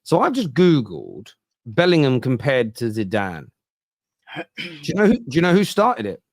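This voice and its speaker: Animated football host, dry sound. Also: male voice, medium pitch, no room sound. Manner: animated, quick to react to viewer comments. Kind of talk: casual football discussion.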